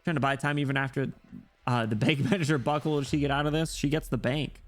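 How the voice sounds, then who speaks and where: A man's voice: mid-range voice, fairly even intonation, fast talker, fairly bright tone, soft background music. A man streaming a game, reacting in a chatty, giggly way. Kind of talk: casual game streaming chat.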